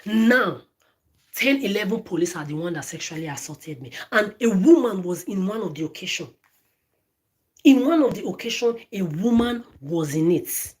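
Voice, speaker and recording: A woman's voice: medium pitch, expressive, normal speed, a little mellow. A woman ranting straight at her phone camera, swearing often, stammering and repeating words and phrases. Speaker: vlogger. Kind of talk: angry direct-to-camera rant.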